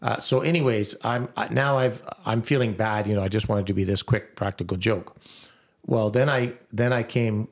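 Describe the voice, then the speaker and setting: A middle-aged man with a fairly low voice tells a story on a casual podcast, animated and quick to act out what others said. He talks like he is among old friends. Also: vocal fry. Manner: animated storyteller acting out quotes. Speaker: podcast co-host.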